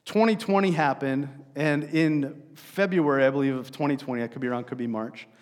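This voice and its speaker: A man's voice: medium pitch, fairly quick, long reverb tail. A man preaching a sermon as pastor, telling stories in a conversational way with frequent fillers and restarts.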